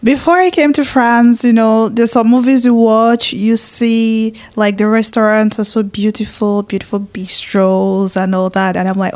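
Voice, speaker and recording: A young woman from Nigeria, chatting in an interview in an expressive way with plenty of fillers and restarts. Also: fairly high pitch, unhurried, few pauses. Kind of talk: casual interview chat.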